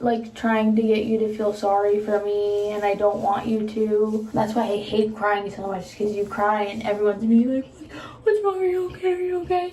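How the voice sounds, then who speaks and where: A woman's voice: mid-range voice, warm tone, roomy sound, distant mic. Rambling, candid young woman vlogger. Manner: rambling, candid, swears freely, trails off into whispers. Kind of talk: casual chat.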